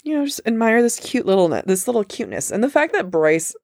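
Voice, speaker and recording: A woman co-hosting a book podcast in casual chat, talking with quick asides and frequent laughter. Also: fairly high pitch, sing-song, darkish tone, dry recording, studio quality.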